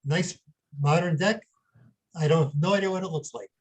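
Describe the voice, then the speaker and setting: Man, panelist, reads aloud, matter-of-fact, high pitch, husky. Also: normal speed, rough recording. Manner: plain, matter-of-fact reading. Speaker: panelist reading lot descriptions. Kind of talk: reading aloud, casual panel chat.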